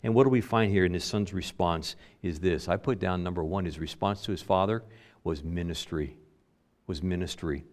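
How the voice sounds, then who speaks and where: A man giving a sermon as a pastor, shifting between loud emphatic lines and quiet, low-pitched asides. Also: normal speed.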